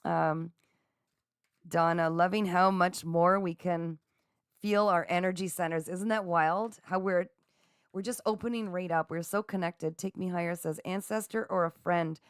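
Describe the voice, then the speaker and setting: Woman psychic host, low-ish voice, gentle and affirming, dry close sound. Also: fairly even intonation, smooth, no room sound. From Canada. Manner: gentle, affirming, slow and soothing. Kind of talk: live spiritual chat reading viewer comments.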